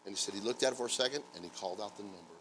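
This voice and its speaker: A male pastor preaching a sermon, swinging from hushed, stammering storytelling to loud, shouted praise. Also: on the low side, rapid-fire, slight background noise, poor audio. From United States. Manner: stammering restarts when storytelling. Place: church sanctuary.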